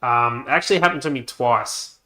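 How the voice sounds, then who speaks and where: A man on a live stream, telling stories in a lively way and acting out the people he quotes. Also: medium pitch, a little fast. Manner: animated storytelling, acts out quoted voices. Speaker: co-host. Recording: echoey room.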